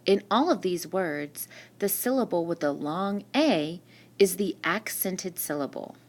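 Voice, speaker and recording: Working through a spelling lesson at an unhurried, patient pace, a woman teacher asks her class questions and answers them herself. Her voice is a little low but lively, rising and falling a great deal as she explains each word over a screen-recording mic.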